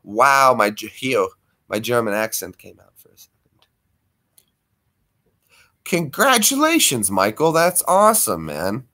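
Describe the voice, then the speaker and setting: Streaming live from home, a man chats loosely with his viewers and laughs easily. His fairly low voice is bright and forceful, with a sing-song quality that rises and falls a great deal at a moderate pace.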